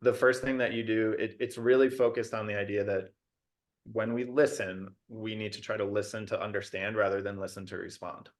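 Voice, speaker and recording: A man with a lower voice speaks as a podcast guest who coaches and mediates conflict. He lays out his method in a practical, step-by-step way, pausing on fillers as he goes. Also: level tone. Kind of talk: casual podcast conversation.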